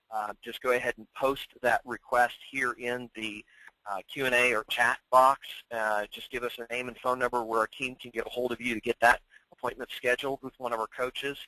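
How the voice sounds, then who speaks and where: Hoarse guy wrapping up a webinar, bright tense voice, dry close sound, lots of ums. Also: mid-range voice, dry recording, poor audio. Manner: filler-heavy, repetitive announcements. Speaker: webinar presenter and coach. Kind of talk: webinar sign-off.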